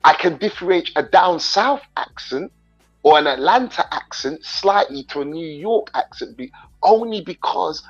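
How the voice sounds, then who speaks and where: A man's voice: on the high side, lively intonation, moderate pace, breathy edge, highs cut off, faint music behind. A man from England with a London accent mixed with Jamaican patois, hosting a casual livestream chat and talking straight to his viewers in a rambling way. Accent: London English mixed with Jamaican patois. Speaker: livestream host.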